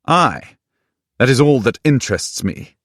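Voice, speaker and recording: A man's voice: lowish voice, lively intonation, slow, gravelly, a little mellow, breathy edge, dry recording, clean studio sound, heavily acted. A man reading an audiobook, voicing an earnest sixteenth-century knight who speaks in a formal, old-fashioned way. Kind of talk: audiobook character voice.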